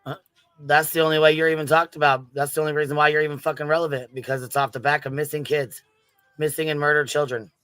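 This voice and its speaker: A man's voice: on the high side, level tone, fast, a bit bright, smooth, dry recording, low-quality recording. A man hosting reaction commentary, mocking and swearing at a clip he is reviewing. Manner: mocking, profane, combative. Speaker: commentary host.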